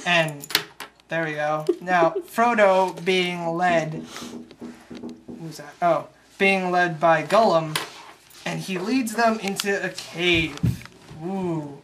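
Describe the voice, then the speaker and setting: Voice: mid-range voice, a bit bright. Profane sarcastic young movie recapper. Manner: profane, sarcastic, rambling with quick restarts. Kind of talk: crude comedic plot recap. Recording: faint background noise and clicks.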